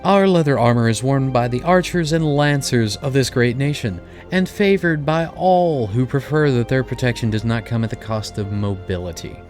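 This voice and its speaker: A proud, long-winded male guild receptionist gives a stately welcome to new recruits, as a man reads his lines aloud. The voice sits at an ordinary middle pitch. Soft game music plays quietly underneath. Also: expressive, moderate pace, few pauses, lightly acted. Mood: formal.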